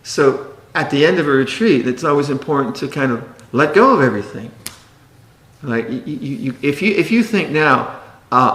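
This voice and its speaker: A man's voice: a little high, huge pitch swings, unhurried, pauses often, a bit bright, echoey room. A man teaching meditation in a dharma talk, playful and often laughing, sometimes mimicking fussy meditators.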